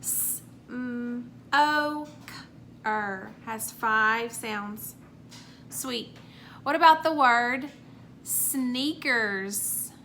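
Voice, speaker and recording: A woman teaching a recorded phonics lesson to young children, sounding out words slowly and clearly and praising each answer. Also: on the high side, sharp tone, a little hiss or hum.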